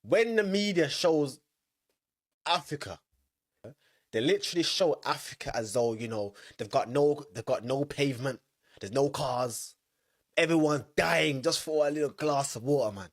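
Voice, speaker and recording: A man's voice: mid-range voice, normal speed. A man doing reaction commentary, hyped and slangy.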